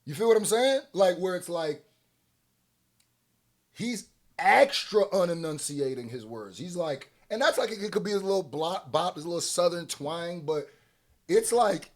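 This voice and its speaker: A man hosting a reaction video, talking in casual, animated commentary that breaks into loud teasing and laughter. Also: sits high, unhurried.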